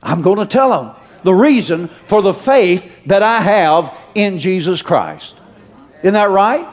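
A man preaching a sermon to a congregation, asking them questions and calling out louder as he builds. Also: high voice, lively intonation, measured pace. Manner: preachy, calls out to the congregation with rising shouts. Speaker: pastor.

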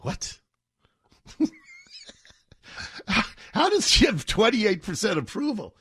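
Sarcastic, husky-voiced radio host. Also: male voice, high voice, wildly swooping pitch, takes it slowly, a bit bright, no room sound. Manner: sarcastic, mocking, laughs often. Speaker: radio talk show host. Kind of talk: opinionated talk radio monologue.

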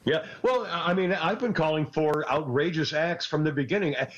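A regular commentator on a talk radio show goes on an animated political rant, agitated and scattered, stammering and laughing as he goes. His voice is fairly high at a moderate pace, and the sound is lo-fi.

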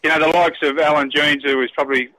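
An Australian man, a guest on a radio chat show, talking in a halting way with repeated words and frequent chuckles. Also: a little high, flat delivery, sharp tone, no room sound, poor audio. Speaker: phone-in guest, former footballer.

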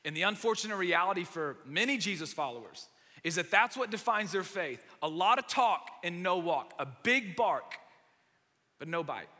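A young man preaching a sermon, telling a self-mocking story with lively, animated humor. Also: sits high, moderate pace. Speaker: pastor. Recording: long hall reverb.

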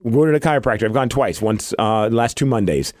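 A man co-hosting a podcast in casual chat, an animated storyteller who acts out the people he quotes. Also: mid-range voice, a little fast, no echo, clean studio sound. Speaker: podcast co-host.

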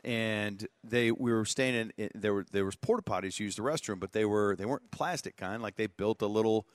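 Animated male radio storyteller. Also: on the low side, brisk, dry recording. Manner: animated storyteller, laughs mid-story, loud when quoting. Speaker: sports radio co-host. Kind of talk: casual radio banter, storytelling. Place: radio studio.

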